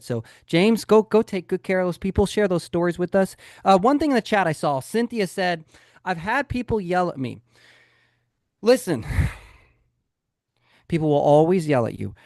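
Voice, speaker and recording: A man's voice: high voice, moderate pace, no echo, studio quality. A man hosting a live real estate coaching webinar, telling stories and acting out the dialogue in them. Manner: animated storytelling, acts out dialogue.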